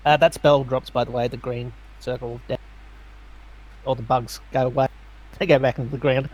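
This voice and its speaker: A man's voice: medium pitch, little pitch movement, moderate pace, a little mellow, low-quality recording. A man playing in a tabletop game, casually explaining his moves. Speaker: player. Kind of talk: casual tabletop gaming chat.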